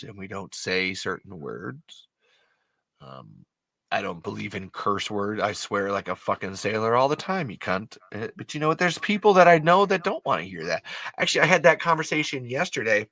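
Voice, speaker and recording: A man hosting a podcast in casual chat, animated and profane, laughing often and restarting his sentences. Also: lowish voice, no room sound. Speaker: podcast host.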